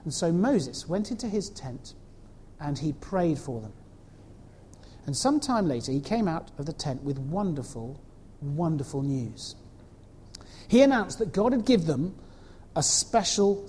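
A woman telling a story to children in an animated way, asking them questions as she goes. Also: sits low, husky, big-room sound. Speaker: children's talk leader.

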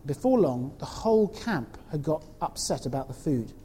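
A woman telling a story to children in an animated way, asking them questions as she goes. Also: low-pitched, normal speed, slightly rough, long reverb tail. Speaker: children's talk leader.

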